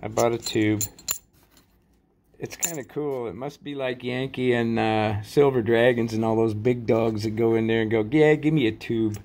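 A man casually rambling through a show-and-tell vlog about his collection, halting often with fillers and folksy sign-offs. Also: medium pitch, fairly even intonation, darkish tone, a little hiss or hum. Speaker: coin collecting vlogger.

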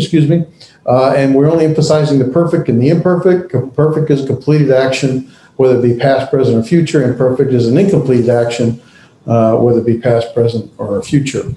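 Guy teaching a class, kinda halting with lots of uhs, dark mellow voice, echoey room w/ faint hum. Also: mid-range voice, fairly even intonation. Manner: halting, many fillers and restarts. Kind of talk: classroom lecture.

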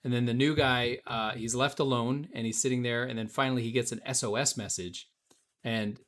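A man's voice: medium pitch, fairly even intonation, brisk, fairly bright tone. A man hosting a casual live-stream auction, calling out bids and chatting with viewers in an upbeat way. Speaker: auction host.

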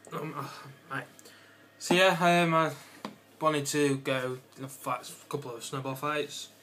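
A man's voice: medium pitch, steady tone, a little slow, fairly bright tone, slight background noise. A teenage English boy chatting in a rambling, offhand way for his home vlog, joking around and slipping into silly voices. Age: teens. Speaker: vlogger. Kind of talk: casual vlog chat. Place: bedroom at home.

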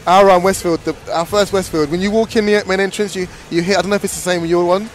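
A man's voice: high voice, steady tone, fast. A young man from England with a London accent, chatting casually as a commentator at a gaming tournament, jokey and rambling.

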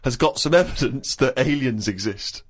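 A man's voice: medium pitch, animated, moderate pace. A man hosting a podcast, reading a diary aloud in a giggly, mocking way. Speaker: podcast host.

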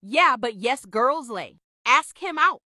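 A woman's voice: high-pitched, lively intonation, slow pace, bright, forceful tone, no echo, clean studio sound, full character voice. A woman voicing a bold, teasing best friend in a Roblox roleplay. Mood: pushy. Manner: blunt, pushy, teasing.

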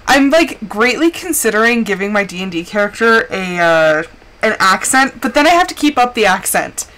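A woman's voice: medium pitch, big pitch swings, moderate pace, a bit bright. A woman streamer chatting casually while playing a game, rambling with lots of filler words. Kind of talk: casual gameplay chat.

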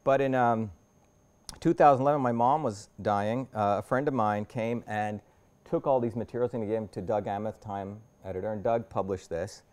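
A man's voice: fairly low pitch, steady tone, normal speed, a little mellow. A man in his fifties giving a lecture to a university audience as an invited speaker. He talks the audience through his slides in a conversational way, restarting and rephrasing often.

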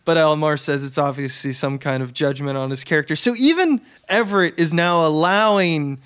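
Male podcast co-host, clear resonant voice, easygoing recap delivery. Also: on the high side, moderate pace. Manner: relaxed recapping with frequent fillers. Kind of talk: casual film discussion.

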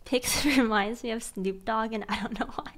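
A young woman streaming, chatting casually and excitedly with viewers, gushing and giggly with lots of slang. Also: on the high side, normal speed.

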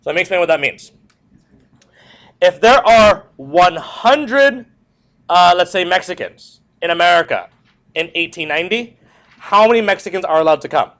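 Animated, high-voiced male history teacher. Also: normal speed, pauses often. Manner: repetitive, animated, joking asides to students. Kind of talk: classroom lecture.

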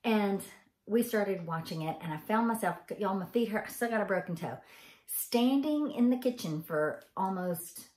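A woman's voice: medium pitch, animated, moderate pace, a little mellow. A woman from Arkansas with a Southern accent, telling a rambling story in a casual, chatty way with lots of ums. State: tired. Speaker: vlogger. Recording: echoey room.

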